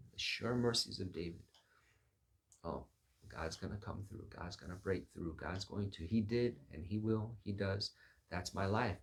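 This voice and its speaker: Low gravelly male preacher. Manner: acts out Bible figures in lively voices. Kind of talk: sermon.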